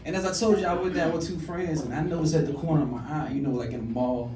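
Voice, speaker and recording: A male stand-up comedian telling a story on a club stage, animated, jumping to loud high bursts on the punchlines. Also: fairly quick, a crowd in the background. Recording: echoey club, distant mic, audience noise.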